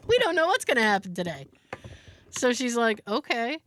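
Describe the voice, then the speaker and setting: A woman with a fairly high voice and a moderate pace co-hosts a podcast. She animatedly tells a story over casual chat, acting out the people in it.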